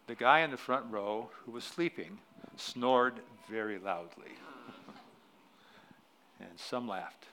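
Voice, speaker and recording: A middle-aged man preaching a sermon in a church, telling a story with loud emphatic peaks that drop to quiet, then closing in prayer. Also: mid-range voice, expressive, slow pace, long pauses. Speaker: pastor. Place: church sanctuary.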